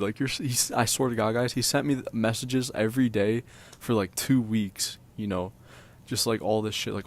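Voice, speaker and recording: A man with a low voice telling a story to his viewers in a loose, meandering way. He leans on "like" and "um" and swears freely. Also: fairly even intonation, moderate pace. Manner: rambling, filler-heavy, profane. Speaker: vlogger telling a personal story. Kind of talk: casual storytime.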